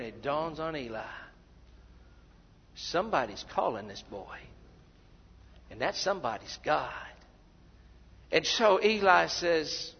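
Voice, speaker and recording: A man preaching a sermon, who acts out the voices of the people he quotes and repeats words when he gets excited. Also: on the high side, takes it slowly, creaky, long pauses, slightly rough. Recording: dull sound in a big reverberant hall.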